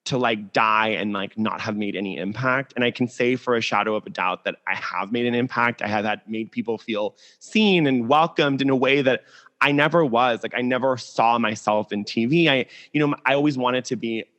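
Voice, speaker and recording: Animated young male guest, mid-range voice, candid and talkative over a video call. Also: mid-range voice, moderate pace. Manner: animated, candid, heavy use of "like". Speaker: podcast guest. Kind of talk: casual interview chat.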